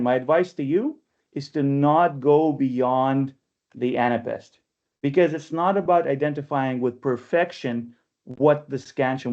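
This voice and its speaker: A man leading an online poetry workshop in a conversational lecturing style, often checking in with listeners and slowing down to read verse aloud. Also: medium pitch, a little mellow. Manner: chatty, often checks in with "right?"; reads verse aloud slowly and deliberately. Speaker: workshop leader and press editor. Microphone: webinar computer mic. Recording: dull lo-fi webinar audio.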